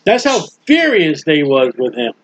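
A man preaching a sermon in a folksy, emphatic way, drawling key words slowly and acting out the people he quotes. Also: fairly high pitch, huge pitch swings. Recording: dull lo-fi sound.

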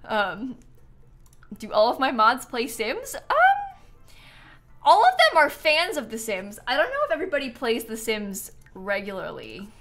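A woman's voice: fairly high pitch, wildly swooping pitch, a little slow, fairly bright tone. Giggly chatty woman streamer. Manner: bubbly, giggly, chatty with viewers. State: yawning, tired. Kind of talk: casual live-stream game commentary.

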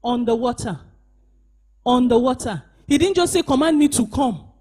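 Woman pastor, sermon, slightly raspy voice, loud bursts and quiet asides, urging the congregation on. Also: high-pitched, animated, moderate pace. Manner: emphatic preaching, swinging between shouts and hushed asides; calls on the congregation to respond. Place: church service.

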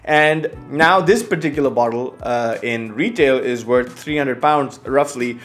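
A young man reviewing whisky to camera at home, telling a story in a lively way and acting out what he said, with many "uh" fillers. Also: mid-range voice, unhurried, faint music behind. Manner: animated storyteller, acts out his own past remarks; frequent filler "uh" and restarts. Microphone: fixed camera setup.

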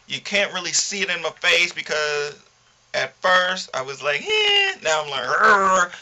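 Guy with a high bright voice ranting at his camera, real worked up and slangy. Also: moderate pace, a little hiss or hum. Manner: animated, indignant venting with slang. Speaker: vlogger.

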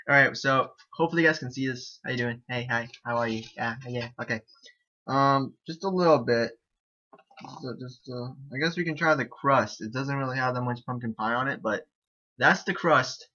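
A young man chatting excitably and repeating himself as he gives casual commentary on a game he is playing. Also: mid-range voice. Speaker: gaming YouTuber. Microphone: desk mic, no headset. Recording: dull lo-fi home recording.

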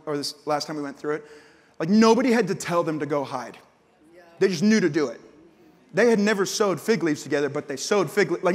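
A man in his thirties preaching a sermon, telling stories and acting out voices, swinging from loud outbursts to hushed prayer. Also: a little high. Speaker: pastor. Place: large church hall. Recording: church hall with long reverb.

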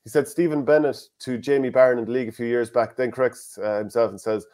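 Irish guy hosting a sports podcast, quick chatty delivery, reads out comments. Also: medium pitch. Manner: fast, animated, reads listener comments aloud. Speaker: podcast host. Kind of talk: casual sports chat.

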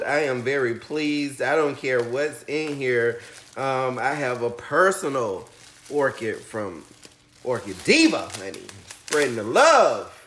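A gushing man with a drawl hosts a casual unboxing vlog from home, calling his viewers honey and breaking into shrieks. He talks slowly and leans on his words. The room is echoey, with a faint hiss behind him. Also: mid-range voice. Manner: effusive, calls viewers honey, shrieks with excitement. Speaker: orchid channel host.

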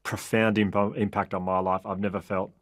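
A man with an Australian accent, a podcast guest telling anecdotes in a lively, laughing way and often correcting himself mid-sentence. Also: lowish voice, moderate pace, no echo, studio quality. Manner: lively, laughing storyteller with frequent self-corrections. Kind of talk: anecdotal interview storytelling.

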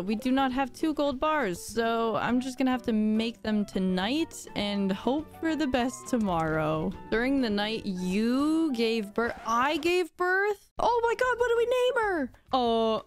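Woman let's-player, slightly high voice, excitable and self-mocking, soft music underneath. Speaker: let's play gamer. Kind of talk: casual gameplay commentary.

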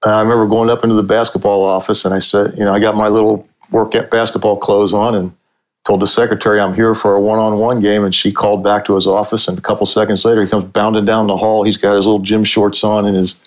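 A man's voice: on the low side, quick pace. A man in his sixties from Cincinnati, a sportswriter guest telling stories in a casual, chuckling way. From Cincinnati, USA. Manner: chuckling, animated storyteller. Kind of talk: casual anecdotal storytelling.

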